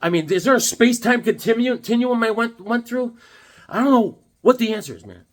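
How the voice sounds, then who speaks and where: With a very high-pitched voice, lively intonation and a slightly fast pace, a comic book vlogger in his fifties chats casually about comics. He rambles, jokes, and uses plenty of filler words in this review vlog.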